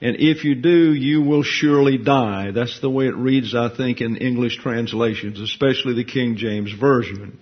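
A man's voice: mid-range voice, fairly even intonation, moderate pace, hardly any pauses, breathy edge. Methodical male Bible teacher, lo-fi. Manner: methodical, careful explanation of Hebrew grammar. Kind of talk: verse-by-verse Bible study lecture. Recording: dull lo-fi recording.

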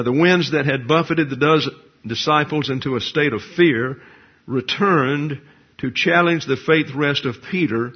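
An older man preaching a teaching sermon, measured and explanatory, with frequent rhetorical questions. His voice is husky at an average pitch. The recording sounds dull and lo-fi. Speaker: pastor.

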